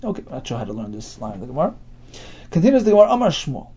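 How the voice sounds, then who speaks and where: A man's voice: a little high, wildly swooping pitch, rapid-fire, dark tone, slightly rough. A man teaching a daily Talmud class, reading phrases of the text and explaining them in casual English as he asks and answers his own questions. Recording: dull lo-fi class recording.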